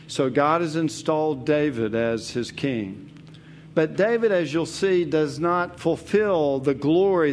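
A man's voice: medium pitch, slight background noise. A man teaching verse by verse through a psalm in an earnest, emphatic way, repeating key phrases. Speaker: preacher. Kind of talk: expository Bible teaching.

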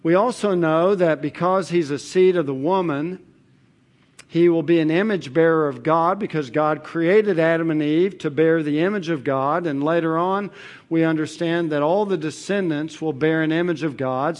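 A man preaching an expository Bible sermon in a measured, emphatic way, with rhetorical questions and repetition. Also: fairly high pitch, a little mellow.

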